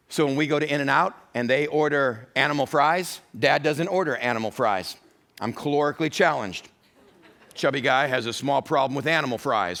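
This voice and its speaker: A man's voice: on the high side, fairly bright tone. A middle-aged man preaching a church sermon, full of humorous storytelling. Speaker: pastor.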